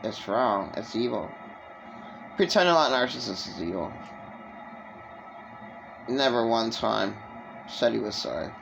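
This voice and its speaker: A woman vlogging an emotional personal monologue, rambling and halting with many restarts. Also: very deep voice, expressive, vocal fry, muffled recording, music in the background.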